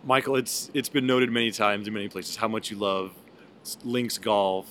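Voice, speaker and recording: A man's voice: lowish voice, normal speed, fairly bright tone, slight background noise. A man hosting a podcast, chatting casually in a wry, teasing way. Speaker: podcast host. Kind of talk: casual chat.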